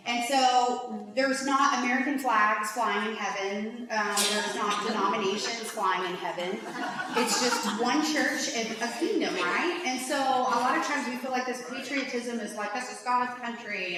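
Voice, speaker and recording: A woman giving an animated, chatty faith-based conference talk, full of "like"s. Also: fairly high pitch. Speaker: conference speaker. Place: large lecture hall. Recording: echoey hall from far off, faint hiss.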